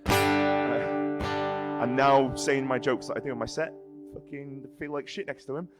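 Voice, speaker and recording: A man's voice: mid-range voice, steady tone, normal speed. A young man with a Northeast English accent, a singer-songwriter chatting casually on stage at a live music venue, giggly and self-deprecating, swearing freely. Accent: Northeast England.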